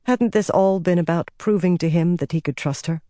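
A man narrating a fantasy novel as an audiobook in an even, steady storytelling manner. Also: sits high, brisk, no echo, studio quality.

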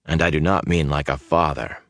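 A man's voice: extremely low pitch, steady tone, fairly quick, fairly bright tone, no room sound, clean studio sound. A man reading an audiobook voices a blunt young man who keeps his voice level and restrained. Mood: guarded. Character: blunt, guarded young man with yellow eyes.

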